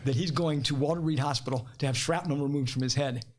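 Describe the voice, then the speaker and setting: A man's voice: fairly high pitch, quick pace. A middle-aged man with an Ohio accent telling stories as a podcast guest, laughing often and acting out quotes. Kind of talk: casual storytelling.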